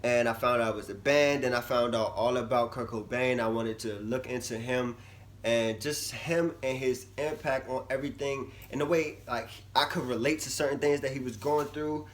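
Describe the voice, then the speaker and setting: A young man vlogging casually to camera, chatty and animated, his voice swinging from loud bursts to low mumbles. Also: moderate pace. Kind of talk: casual vlog talk to camera.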